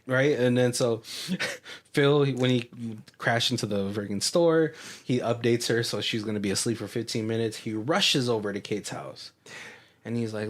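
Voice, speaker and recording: Podcast co-host, male, mid-pitched, rambling film recap with laughs and quoted lines. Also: normal speed. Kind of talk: casual movie recap chat.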